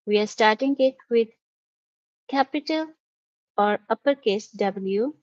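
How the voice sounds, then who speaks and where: A woman teacher talks through a grammar lesson at an unhurried, careful pace. Her voice is mid-pitched and sits dry and close. The audio is a little dull and lo-fi. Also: a little mellow, dry recording. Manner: patient, spells out each step. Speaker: English teacher. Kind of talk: slow, careful classroom explanation.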